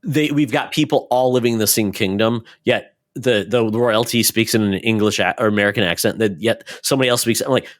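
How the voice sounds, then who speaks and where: A man's voice: fairly low pitch, brisk, hardly any pauses, no echo, studio quality. A man hosting a podcast, chatting casually and acting out quoted voices with animation. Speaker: podcast host. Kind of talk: casual chat.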